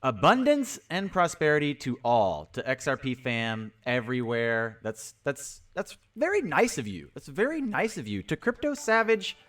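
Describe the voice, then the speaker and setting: A man's voice: medium pitch, wildly swooping pitch, moderate pace, hardly any pauses. A man hosting a casual livestream, cheerfully repeating greetings and calling out viewers by name. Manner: upbeat, repetitive greetings, shouting out viewers. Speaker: crypto livestream host.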